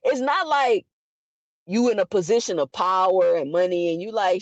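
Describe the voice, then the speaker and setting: At a medium pitch, a woman argues her views on boxing with animation and emphasis, throwing out rhetorical questions and restarting lines quickly. The audio is dry, dull and lo-fi.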